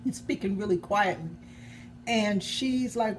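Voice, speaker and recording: A woman's voice: mid-range voice, animated, a little slow. Rambling woman chatting about her novel. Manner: rambling, self-correcting, chuckling. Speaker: novelist vlogger. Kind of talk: casual chat about her own novel.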